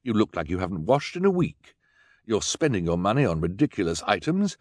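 A man's voice: fairly low pitch, very animated, a little fast, darkish tone, no room sound, clean studio sound. A man voicing a fussy scolding male banker. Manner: scolding, stammering.

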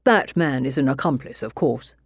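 A woman voicing a calm, lightly condescending male police inspector in an audiobook. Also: very deep voice, normal speed, husky, dry recording, clean studio sound, voice pushed down, heavily acted. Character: dry, cool-headed male police inspector. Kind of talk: audiobook narration.

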